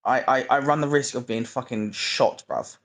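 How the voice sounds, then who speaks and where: A man's voice: medium pitch, moderate pace, a bit bright. A man on a phone call, crying and stammering frantically, swearing as he talks. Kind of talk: distressed call.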